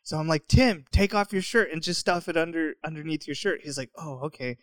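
A man's voice: fairly high pitch, fairly quick, no echo. A young man telling a story in casual chat, laughing often and acting out what people said. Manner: animated, laughing often, acts out quotes.

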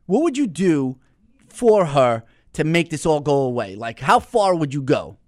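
A man's voice: a little high, very animated, unhurried, no echo, studio quality. A man hosting a casual interview, egging the guest on and swearing along. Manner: eggs guest on, swears, chimes in. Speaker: interviewer host.

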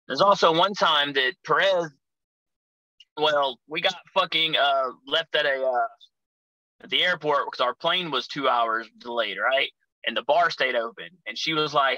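A man's voice: a little high, moderate pace, pushed and bright, no room sound, low-quality recording. A man telling rowdy, profane road stories as a guest on a casual podcast. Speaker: guest, pro wrestler.

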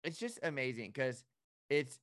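A man co-hosting a podcast, telling a lively story in casual chat and acting out his own reactions. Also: medium pitch, a little slow, no room sound, clean studio sound. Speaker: boat operator and podcast co-host.

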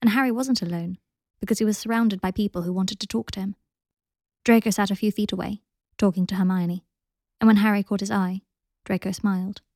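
A woman reads a story aloud with a gravelly, creaky edge to her voice. The recording is dry and close, with no room sound. Her delivery is gentle and even. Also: mid-range voice, brisk, no echo. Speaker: podcast host and reader. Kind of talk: storybook reading.

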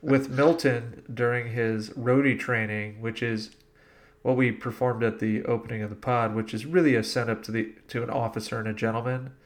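A man's voice: medium pitch, steady tone, moderate pace. A man hosting a casual movie podcast, moving the talk along with upbeat energy. He asks the panel questions and gushes about the scenes he loves. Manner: leads the questions, enthusiastic. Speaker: podcast host.

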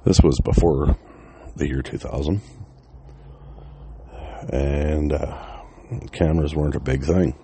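A man's voice: a bass voice, fairly even intonation, slow pace, long pauses, warm tone, slight background noise. A man, casually telling a personal story, swearing often and laughing between lines.

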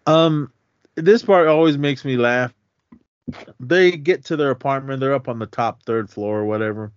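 A man's voice: medium pitch, normal speed, smooth, dry recording. A man co-hosting a podcast, animatedly retelling a film scene in casual chat and acting out the scenes. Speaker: podcast co-host. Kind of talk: casual movie recap chat. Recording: dull lo-fi sound.

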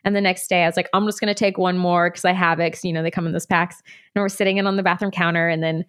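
Woman, 30s, slightly low voice; candid, rambling storyteller in an interview. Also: flat delivery, racing, fairly bright tone, smooth. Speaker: guest. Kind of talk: personal story in conversation.

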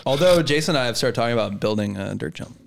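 A man's voice: medium pitch, lively intonation, fast talker, creaky, slight background noise. A man co-hosting a podcast in casual chat, playful and laughing often. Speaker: podcast co-host.

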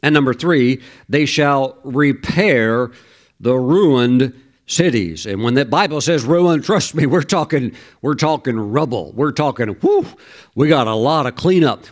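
A man preaching a sermon, reading scripture and acting out the voices of the listeners in animated asides. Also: mid-range voice, moderate pace.

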